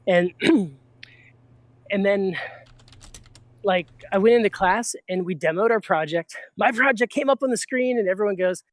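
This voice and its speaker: A man in casual chat, telling a long anecdote with lively acted-out quotes. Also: high-pitched, fairly quick, no room sound. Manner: animated anecdote teller, acts out quotes.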